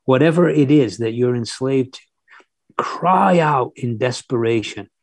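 A man's voice: mid-range voice, expressive, a little slow, slightly rough, no room sound. A man preaching a sermon, fervent and earnest, often restarting his phrases.

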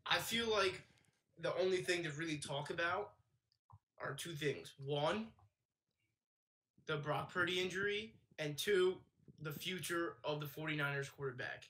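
A man's voice: a little high, unhurried, long pauses, bright, forceful tone. A man co-hosting a casual sports podcast while a little under the weather, laid-back and agreeable. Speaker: podcast co-host.

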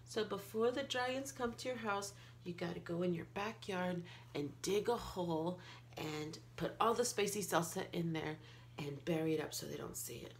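A woman reading a picture book aloud to a child, playful, with gasps and excited outbursts. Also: fairly low pitch, normal speed, vocal fry, a little hiss or hum. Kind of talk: animated read-aloud storytelling.

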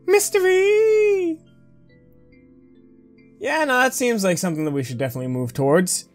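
A woman's voice: sits low, very animated, very fast, soft background music. A woman giving playful, joking commentary while playing a video game. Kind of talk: let's play commentary.

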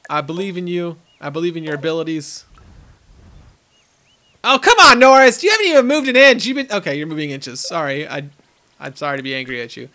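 A bright, keen-edged young man's voice, pitched a little above the usual for a man. He gives chatty game commentary, talks to the animals on screen and now and then bursts out loud. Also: a little hiss or hum. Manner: excitable, talks to the animals, sudden loud outbursts. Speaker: gaming channel host.

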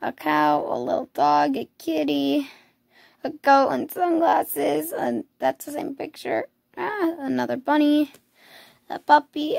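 Young female vlogger, hoarse and gravelly, slow-talking, chatty and cooing. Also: sits high, a little mellow, dry recording. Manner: chatty, cooing over cute pictures. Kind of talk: casual screen tour.

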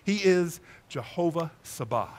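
A man, a pastor preaching a sermon in a church, lively and conversational, telling stories to his congregation. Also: fairly high pitch, a little slow, a little hiss or hum. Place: church sanctuary.

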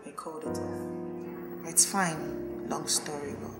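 A woman's voice: deep voice, steady tone, slow, vocal fry, exaggerated voice. A subdued, hesitant young woman. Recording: roomy, music underneath.

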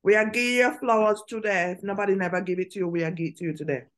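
A woman's voice: mid-range voice, steady tone, racing. A woman co-hosting a radio podcast, talking emphatically and repeating herself as she praises her guest. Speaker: podcast co-host. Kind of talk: casual radio interview.

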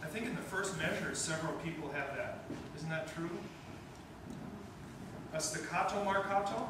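Male band conductor, high voice, coaching tone, distant and echoey with room noise. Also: normal speed. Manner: coaching, encouraging, sings note syllables. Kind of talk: band rehearsal instruction. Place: school band rehearsal room. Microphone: distant room mic. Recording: echoey room from far off, noisy.

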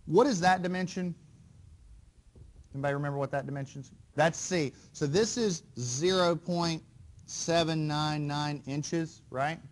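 Man, lecture hall, conversational engineering teacher, slightly high voice, quizzes the class. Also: a little slow. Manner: conversational, quizzes students with frequent "right?" and "okay?". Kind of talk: university lecture.

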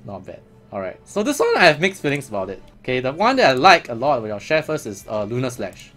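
A man's voice: medium pitch, huge pitch swings, quick pace, fairly bright tone, soft background music. A man giving casual, chatty commentary as a gaming vlogger, laughing often.

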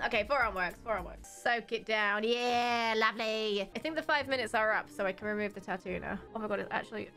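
A woman's voice: mid-range voice, a bit bright. A young woman in her twenties chatting casually on a charity livestream, bubbly and self-mocking, laughing often. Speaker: streamer hosting a charity stream.

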